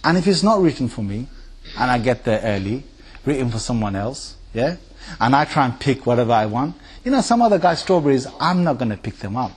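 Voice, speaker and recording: A man giving a lecture at a mosque, talking animatedly and checking in with his listeners with quick questions. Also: medium pitch, slightly rough. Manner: animated, acts out quoted voices and laughs often. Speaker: Islamic lecturer.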